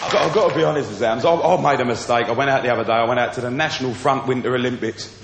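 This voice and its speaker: A man's voice: medium pitch, rapid-fire, gravelly, heavy background noise. A man doing stand-up comedy at a live venue, chatty and playful as he tells stories. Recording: echoey hall with crowd.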